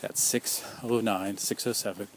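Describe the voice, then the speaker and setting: A man's voice: on the low side, steady tone, a little slow, slight background noise. A man speaking out as a survivor in an impassioned personal monologue, earnest and accusing, piling up repeated rhetorical questions.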